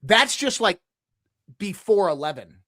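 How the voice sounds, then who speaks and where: Gość podcastu, młody mężczyzna o dość wysokim głosie, opowiada żywo i swobodnie, naśladuje dźwięki i często zaczyna zdania od nowa. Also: male voice, high voice, unhurried, no echo, studio quality. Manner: animated storyteller who imitates sounds, with frequent restarts and fillers. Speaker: podcast guest. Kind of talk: casual conversational storytelling.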